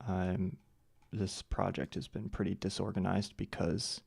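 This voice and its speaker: A man's voice: low-pitched, level tone, a little slow, vocal fry, a little mellow, husky, dry recording. A man hosting a casual live stream, chatting with viewers and muttering to himself as he works. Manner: chats with viewers and mutters to himself while working; many fillers and restarts. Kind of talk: casual live stream chat while editing.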